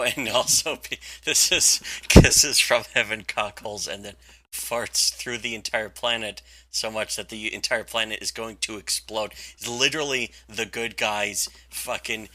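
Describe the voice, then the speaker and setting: Bright, laughing man in casual chat. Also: lowish voice, no echo. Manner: laughing, rambling, swears a lot. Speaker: comics review host.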